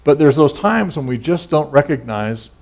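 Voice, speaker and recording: A man's voice: a little high, lively intonation, moderate pace, gravelly, a little mellow. Middle-aged man, pastor, conversational sermon, folksy storytelling, casual asides.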